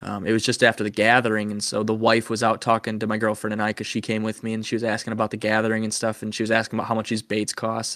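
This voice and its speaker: A man's voice: lowish voice, fast talker, no echo, studio quality. A young man hosting a podcast, telling a story in casual chat and acting out the quotes. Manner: animated storyteller, acts out quotes. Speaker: podcast host.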